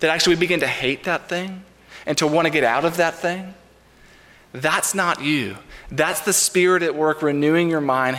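A man preaching a sermon as pastor, earnest and measured, with repeated refrains. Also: a little high, fairly bright tone. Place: church sanctuary. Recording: reverberant church sanctuary.

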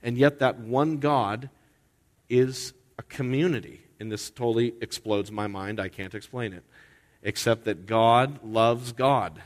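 A man's voice: mid-range voice, measured pace. A man preaching a sermon as head pastor during a worship service, talking conversationally and throwing in rhetorical questions and asides. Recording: long reverb of a large hall.

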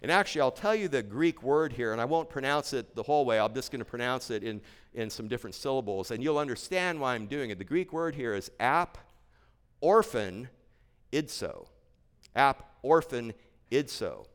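A man's voice: medium pitch, expressive, a little fast, clear, resonant tone. A male pastor preaching an expository sermon in a church sanctuary, earnest and emphatic, repeating key phrases for weight. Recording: long church-hall reverb.

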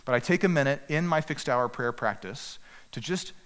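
Man, pastor delivering an earnest, exhorting sermon; average pitch, reverberant hall sound. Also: lively intonation, a bit bright. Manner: earnest, direct exhortation with slow emphatic pauses. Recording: echoey hall with long reverb.

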